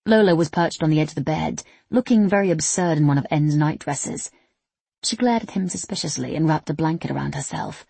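A woman narrating an audiobook in an even, steady reading voice. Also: low-pitched, brisk, creaky, breathy edge, dry recording.

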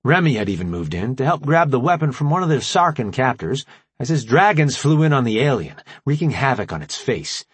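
A man narrating an action audiobook in a steady, dramatic storytelling manner. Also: medium pitch, fairly quick, breathy edge, dry recording.

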